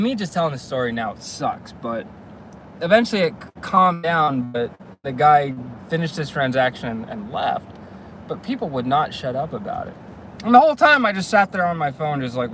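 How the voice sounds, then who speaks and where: A man's voice: mid-range voice, lively intonation, moderate pace. A young man telling a story casually while he drives, full of fillers and restarts. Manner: rambling, casual, many fillers. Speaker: vlogger. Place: car, driving. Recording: clear road and traffic noise.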